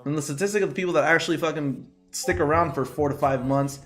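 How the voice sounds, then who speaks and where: A young man with a slightly high, fairly bright voice hosts a live trading stream, talking fast and chatting loosely with viewers. He's loose and profane, swearing often and breaking into bursts of laughter. Soft music plays in the background.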